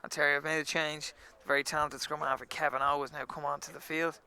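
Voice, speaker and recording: A man's voice: on the high side, flat delivery, fast, gravelly, sharp tone. A man giving analytical live rugby commentary on the radio with a dry sense of humor.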